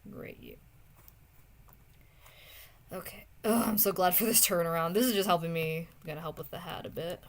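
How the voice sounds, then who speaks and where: A woman's voice: on the low side, moderate pace, long pauses. Chatty young woman streaming her drawing. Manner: chatty, talks to viewers by name, mutters softly to herself while drawing. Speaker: streamer drawing art requests. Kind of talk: casual chat while drawing on stream.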